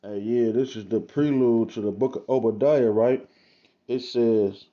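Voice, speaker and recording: A man reading scripture aloud in a casual, slangy manner, with drawn-out asides between the verses, recorded on a phone or webcam. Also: mid-range voice, steady tone, mellow, highs cut off. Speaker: self-styled preacher.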